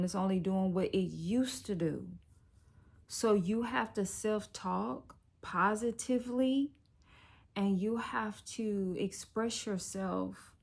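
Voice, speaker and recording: A woman's voice: medium pitch, creaky, a little mellow. A middle-aged woman, a life coach, giving an encouraging, conversational tarot reading that turns slightly preachy. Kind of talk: direct-to-camera tarot reading.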